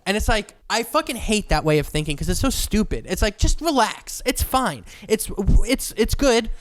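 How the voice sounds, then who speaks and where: A man's voice: high-pitched, very animated, moderate pace, few pauses. A man co-hosting a podcast, ranting comically and swearing in casual chat. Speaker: podcast co-host.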